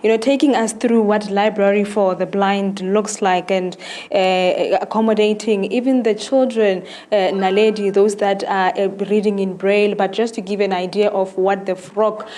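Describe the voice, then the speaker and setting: Female TV field reporter, mellow tone, thoughtful and filler-heavy wrap-up. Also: medium pitch, steady tone, normal speed.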